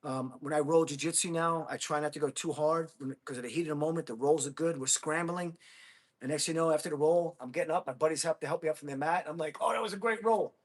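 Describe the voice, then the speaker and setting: A man in his fifties chats loosely on a livestream, drifting from one thought to the next and calling his viewers buddy and bro. His voice sits a little high for a man, and he talks in a relaxed, friendly way. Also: fast. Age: 50s. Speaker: livestream host. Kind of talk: casual livestream chat with viewers.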